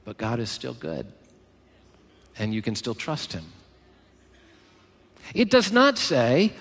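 A male pastor preaching a sermon in church, emphatic and animated, with joking asides. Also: sits high, slow pace, creaky, long pauses. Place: large church hall. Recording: long hall reverb.

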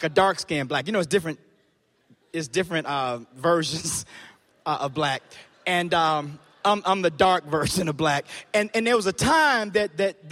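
Man preaching in church, really high voice, emphatic, gets the crowd to answer back. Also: a bit bright. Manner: emphatic, call-and-response preaching. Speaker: pastor. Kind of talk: sermon with personal storytelling.

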